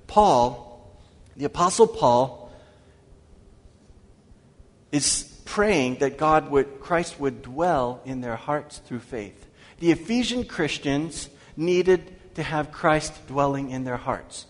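Man, pastor, sermon, questions to the congregation, slow scripture reading, long hall reverb. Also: on the high side.

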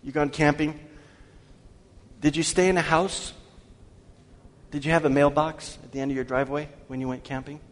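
A man preaching a sermon as pastor, asking his congregation questions and slowing down to read scripture aloud. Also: a little high, flat delivery. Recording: long hall reverb.

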